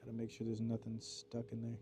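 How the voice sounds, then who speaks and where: A man from Washington State streams from his blacksmith workshop, his voice sitting at an ordinary middle pitch for a man. He talks casually and laughs easily, reading his live chat aloud and answering it between tasks at the forge. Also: completely flat delivery, fast, heavy background noise. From Washington State, USA. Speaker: blacksmith livestreamer. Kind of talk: casual livestream chat while working.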